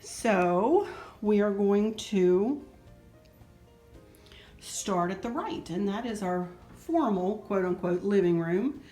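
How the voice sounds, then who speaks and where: A middle-aged woman giving a chatty, sentimental home decor tour with soft laughs. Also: mid-range voice, expressive, takes it slowly. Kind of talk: casual home tour narration. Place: indoors in a house. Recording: roomy echo, faint music.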